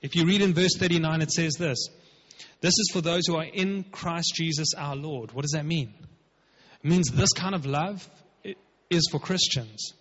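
A man's voice: a little high, normal speed, a bit bright. A man preaching a sermon as pastor, emphatic and conversational, acting out quotes. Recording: dull, lo-fi with long hall reverb.

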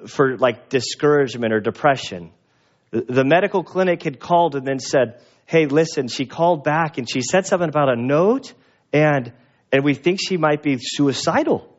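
A man delivers a conversational sermon as a pastor and chaplain. He tells a story and animates it by acting out the dialogue. His voice sits a little high, and the recording sounds dull and lo-fi. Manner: animated storyteller, acts out dialogue with a raised pitch.

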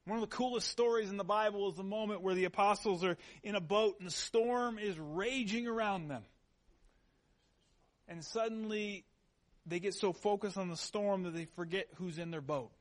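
High-voiced man preaching conversationally. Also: normal speed. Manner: conversational preaching with personal stories; earnest, emphatic repetition. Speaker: pastor. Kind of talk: sermon.

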